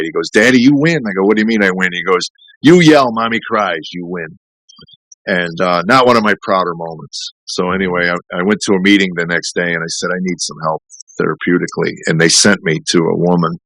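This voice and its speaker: A man's voice: sits low, steady tone, a little fast, pushed and bright, no echo, low-quality recording. A middle-aged man, a comedian, telling a candid, rambling personal story in a podcast interview, full of restarts and fillers. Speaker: comedian guest.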